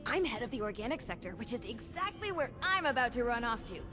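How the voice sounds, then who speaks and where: Bouncy, sarcastic female ghoul scientist in a game, higher voice, lively sing-song delivery. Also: fast talker, over music. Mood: perky.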